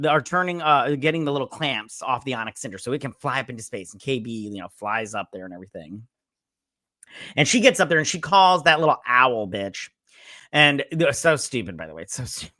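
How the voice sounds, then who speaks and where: A man's voice: mid-range voice, animated, normal speed, sharp tone, dry recording. A man hosting a crude, exasperated episode review, mocking the characters and swearing constantly. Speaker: host. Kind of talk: profane episode review rant.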